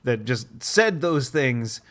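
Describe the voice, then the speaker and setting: A man co-hosting a casual podcast, blunt and profane, ranting with a mid-pitched voice. He swears freely and throws in jokes. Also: sing-song, slow, a bit bright. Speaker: podcast co-host. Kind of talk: casual political chat.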